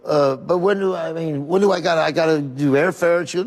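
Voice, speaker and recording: A man's voice: a little high, fast, in a large hall. A man, a comedian, telling an emotional story in a podcast interview, tearful and laughing through tears.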